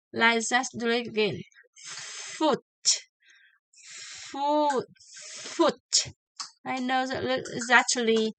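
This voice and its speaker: A woman with a bright, forceful, somewhat high voice leads a pronunciation lesson. She speaks very slowly and deliberately, drilling each example word over and over. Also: slight background noise, rough recording. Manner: slow, deliberate, repeats each word several times. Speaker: pronunciation teacher.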